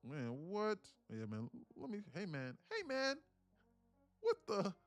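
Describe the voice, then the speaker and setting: A man live-streaming his day trading, telling a story in an animated, profane, rambling way with frequent restarts. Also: high voice, takes it slowly, no echo, faint music behind.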